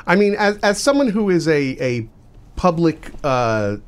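A man hosting an interview, asking his questions in a halting, hesitant way. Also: a little high, very animated, smooth. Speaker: interviewer, host. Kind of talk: casual interview.

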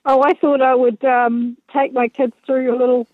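Brief: New female caller, fairly high voice, playful storyteller, muffled phone-line sound. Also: moderate pace, dry recording. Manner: lively, self-mocking storytelling. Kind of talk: casual on-air anecdote.

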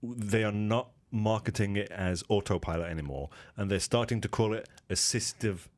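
A man hosting a radio car show in a studio, trading quick banter and teasing his co-host. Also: fairly low pitch. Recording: radio studio with loud music bed.

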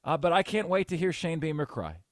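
Brief: higher-voiced male radio host, blunt and sarcastic, dry close sound. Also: sing-song, fairly quick, no room sound. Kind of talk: sports talk radio.

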